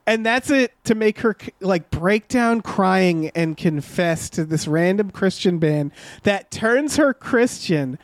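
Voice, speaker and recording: A man with a fairly high voice rants about a movie on a podcast, exasperated and sweary, tumbling over his own restarts. His voice is recorded close and dry, with no room sound at all. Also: expressive, no echo. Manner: exasperated, sweary, talks in fast bursts with restarts. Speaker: podcast co-host. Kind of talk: casual movie review chat.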